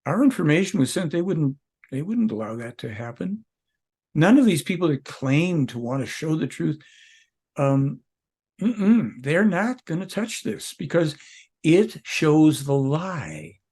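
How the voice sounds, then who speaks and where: A man's voice: fairly high pitch, big pitch swings, unhurried, darkish tone, husky. A man speaking as an interview guest, rambling and emphatic, jumping from point to point. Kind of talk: casual interview talk.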